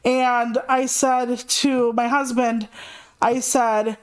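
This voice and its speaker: A woman's voice: fairly high pitch, little pitch movement, extremely slow, clean tone. A woman streamer in casual livestream chat, rambling and frank, swearing freely as she talks.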